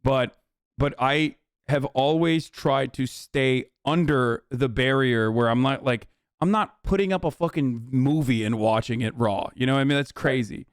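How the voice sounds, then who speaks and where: A man's voice: mid-range voice, moderate pace, smooth, dry recording, clean studio sound. A man streamer in casual chat, rambling and swearing with lots of restarts. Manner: rambling, profane, many restarts.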